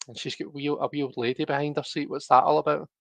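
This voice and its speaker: A man's voice: on the high side, little pitch movement, fast, gravelly, no room sound. A man hosting a casual tarot livestream, rambling and chatty with lots of restarts and fillers, talking straight to his viewers. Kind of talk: casual chat to live viewers.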